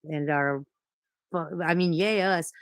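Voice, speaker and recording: A woman's voice: low voice, slow pace, smooth, rough recording. A woman vlogger in casual, rambling chat who swears freely and coos at her pets in baby talk.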